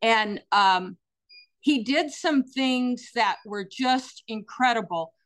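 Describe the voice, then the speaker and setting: A middle-aged woman tells personal stories as an interview guest. Her voice sits a little high and she speaks earnestly, in animated bursts with plenty of ums and restarts. She sounds sincere and eager to share. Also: slow. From United States. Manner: earnest, animated storyteller with many fillers.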